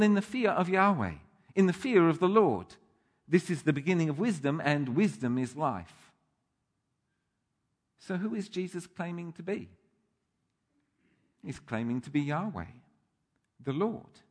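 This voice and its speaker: A man delivers a sermon in a somewhat high voice, thoughtful and emphatic, leaning into key words. His voice carries a long reverb, as if in a large church hall. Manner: thoughtful, emphatic, with restarts and rising stress. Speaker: preacher.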